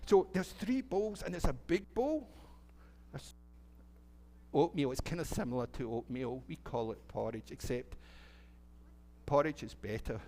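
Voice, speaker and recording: A man's voice: a little high, lively intonation, measured pace, mellow, slight background noise. A middle-aged Scottish man, a minister, telling a children's story in church in a chatty, playful way and asking the children questions. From Scotland. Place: church sanctuary.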